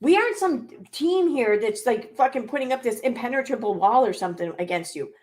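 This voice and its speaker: A woman's voice: a little high, animated, a little fast, darkish tone. A woman hosting a commentary channel, reacting to clips with sarcastic, exasperated rants full of swearing.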